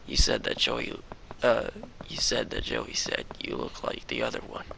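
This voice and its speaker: Dude reading a curious polite guy, whispery questions, gravelly and bright. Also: mid-range voice, very animated, measured pace, slight background noise, heavily acted, poor audio. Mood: urgent. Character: curious, polite young man Henry. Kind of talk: reading a fan story aloud.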